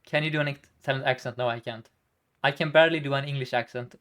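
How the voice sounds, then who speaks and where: A man's voice: medium pitch, fairly even intonation, fast, a bit bright. A man streaming a game live, thinking aloud about each move in a chatty way and laughing often.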